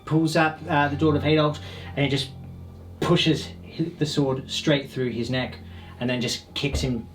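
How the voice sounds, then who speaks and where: A man's voice: a little high, steady tone, a little slow, recorded from a distance, soft background music. A man with a slightly raised voice tells his character's fight blow by blow in a tabletop game. He talks animatedly, repeats himself and adds little sound effects. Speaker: player.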